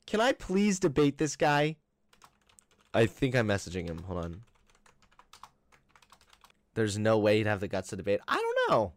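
Sarcastic young man, lively dry voice. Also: on the low side, normal speed, pauses often, dry recording. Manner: sarcastic, combative, animated. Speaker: commentary streamer. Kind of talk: reaction commentary and phone debate.

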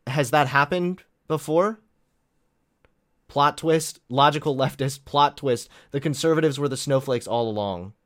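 A man's voice: medium pitch, measured pace, fairly bright tone, dry recording, studio quality. A young man casually reacting to clips on a vlog, sarcastic and profane, laughing at his own jokes. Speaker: political commentary vlogger.

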